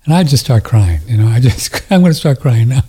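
A man's voice: medium pitch, expressive, a little fast, warm tone, husky. A man telling a story in a casual chat on a studio mic, rambling, emotional and tender, often laughing.

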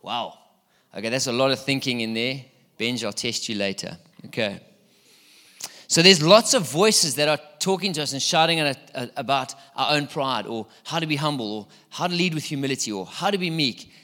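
A man's voice: mid-range voice, normal speed, sharp tone. A middle-aged man preaching a sermon in a church hall, chatty and playful, quizzing his congregation. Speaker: pastor.

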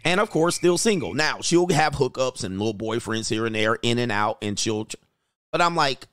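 Brief: middle-aged man, blunt dating coach, animated storyteller, dry close sound. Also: medium pitch, moderate pace, no room sound. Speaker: dating coach reacting to clips. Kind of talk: casual commentary.

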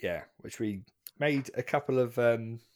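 A man's voice: medium pitch, unhurried, a little mellow. A man co-hosting a casual chat, rambling through stories with plenty of ums and restarts. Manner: rambling, many fillers and restarts.

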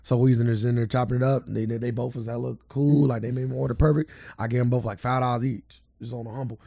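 A man co-hosting a podcast in casual chat, telling animated stories with lots of swearing and acted-out quotes. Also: mid-range voice, fast, vocal fry, few pauses, dry recording, studio quality. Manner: animated storytelling, acts out quotes, swears freely. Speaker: podcast co-host.

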